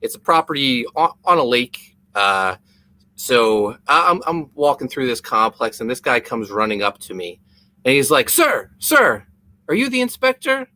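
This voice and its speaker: A man's voice: mid-range voice, animated, normal speed, bright, forceful tone. A man co-hosting a casual comedy podcast, telling stories in a rambling way that stumbles over and repeats words. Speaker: podcast co-host.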